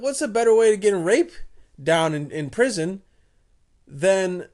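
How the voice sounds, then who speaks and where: Crude, rambling comic podcast host, man. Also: on the high side. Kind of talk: comedic solo monologue.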